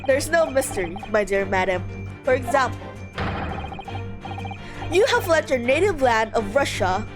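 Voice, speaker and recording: A grandiose English gentleman detective holds court, each deduction delivered with theatrical self-assurance in a put-on English accent, a woman voicing him over game music. The voice swoops widely for all its lowered pose. Background game music plays steadily. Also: very animated, a little slow, pauses often. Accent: attempted English. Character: pompous eccentric male gentleman detective. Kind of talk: voicing game dialogue on a live stream.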